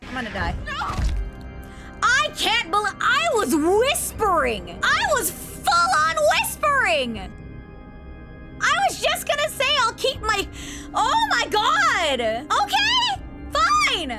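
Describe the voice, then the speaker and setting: A woman streaming a horror game, excitable and jumpy, yelping, shouting and laughing. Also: extremely high pitch, takes it slowly, loud music behind the voice. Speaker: VTuber streamer.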